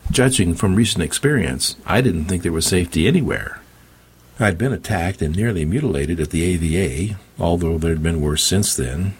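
Low, husky male audiobook narrator. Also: animated, moderate pace. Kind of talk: first-person audiobook narration.

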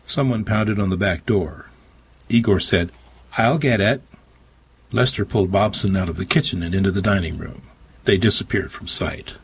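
A man's voice: low voice, breathy edge. A man reading a story aloud in a dry, wry first-person narration. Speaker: audiobook narrator. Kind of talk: scripted narration.

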